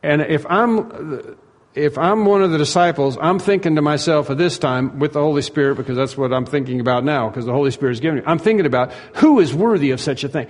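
A man's voice: a little high, quick pace, big-room sound. A man preaching an expository sermon, emphatic and repeating himself, and voicing the disciples' questions. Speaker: pastor.

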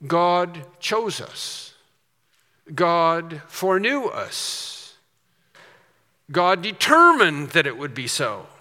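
Bright-voiced preacher in a reverberant hall. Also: male voice, a little high, very animated, extremely slow, pauses often. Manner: earnest preaching with rising emphasis and storytelling asides. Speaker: pastor. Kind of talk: sermon.

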